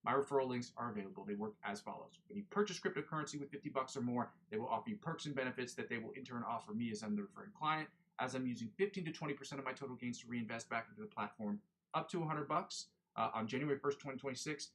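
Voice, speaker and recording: Young man, rambling livestream host, quick delivery, bright tone, keeps correcting himself. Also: medium pitch. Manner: rambling, self-correcting, chatty. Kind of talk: casual livestream chat.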